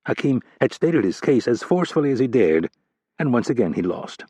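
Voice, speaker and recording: A man narrating a thriller audiobook in a measured, steady storytelling voice. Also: mid-range voice, slightly rough, no echo.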